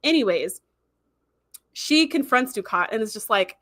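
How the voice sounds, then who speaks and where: A young adult woman hosting a livestream, retelling a story in a casual, animated way with plenty of fillers. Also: fairly high pitch, measured pace, long pauses, no room sound. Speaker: livestream host reviewing episodes.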